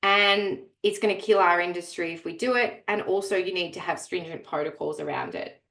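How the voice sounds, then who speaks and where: A woman's voice: fairly low pitch, fairly quick, creaky, fairly bright tone, reverberant. A woman coaching real estate agents in a webinar, speaking energetically and emphatically straight to her audience. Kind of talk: webinar presentation.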